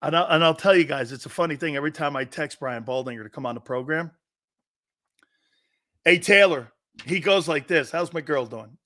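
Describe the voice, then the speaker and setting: A man's voice: fairly high pitch, a little fast, long pauses, pushed and bright. A middle-aged man hosting a sports talk show, rambling through stories and laughing often. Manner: rambling storyteller, laughs a lot, quotes others. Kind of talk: casual live-stream sports talk.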